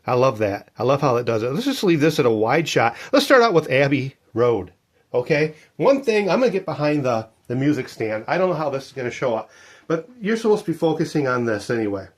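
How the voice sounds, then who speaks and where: A man in his fifties chatting casually about his record collection, jokey and animated. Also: medium pitch, a little fast. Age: 50s. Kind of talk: casual show-and-tell vlog.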